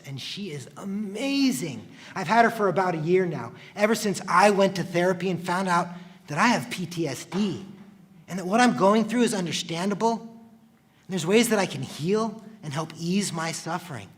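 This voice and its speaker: A man, a firefighter, telling a personal story in the present tense, earnest and confessional, often dropping to a hushed voice. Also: a little high.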